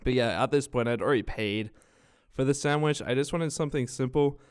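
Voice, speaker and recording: A man's voice: medium pitch, brisk, clear, resonant tone. A young man with an Australian accent telling rambling, swear-filled stories in a casual vlog, his nose stuffed from a cold. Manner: swears a lot, rambling and animated. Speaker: vlogger.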